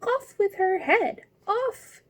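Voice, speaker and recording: A woman voicing an imperious, furious queen in a storybook reading, shrill and commanding. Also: big pitch swings, takes it slowly, warm tone, lo-fi sound.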